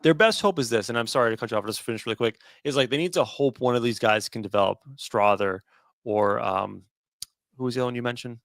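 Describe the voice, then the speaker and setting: A man's voice: mid-range voice, fast, vocal fry, fairly bright tone, dry recording. Male podcast co-host, loose and chatty, dry close-mic sound. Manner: chatty, loose, laughs often. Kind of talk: casual sports chat.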